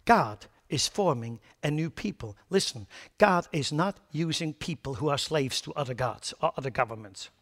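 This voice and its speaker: In an emphatic sermon, a man with a somewhat high, animated voice keeps a moderate pace. He veers between loud pronouncements and quiet side comments, dismissing foolish ideas with blunt scorn.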